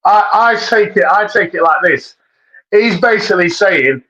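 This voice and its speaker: A man's voice: a little high, moderate pace, a bit bright. A man co-hosting a casual boxing podcast, blunt, sweary and full of slang. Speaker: podcast co-host. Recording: dull lo-fi mic.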